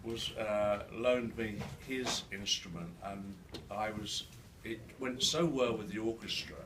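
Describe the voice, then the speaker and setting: An older man speaking to a live audience, halting with many restarts, his words slightly slurred by a new denture. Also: lowish voice, a bit bright. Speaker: guest speaker. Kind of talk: live storytelling talk. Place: event hall with an audience. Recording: distant mic in a noisy room.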